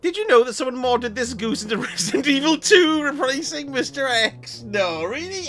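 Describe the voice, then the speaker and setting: A man's voice: very high-pitched, very animated, normal speed, few pauses, fairly bright tone, faint music behind. A man giving cheeky, chatty commentary while playing a game on a live stream, swearing and laughing often. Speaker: gaming streamer. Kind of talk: casual let's-play commentary.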